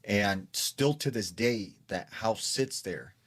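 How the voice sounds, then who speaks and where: A man's voice: on the low side, takes it slowly. A man casually retelling a secondhand creepy story, peppering it with filler words.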